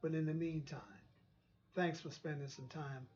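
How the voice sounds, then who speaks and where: A man's voice: a little high, steady tone, normal speed, darkish tone, muffled recording. A man hosting his own channel, delivering an impassioned, preachy commentary and repeating phrases for emphasis. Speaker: channel host.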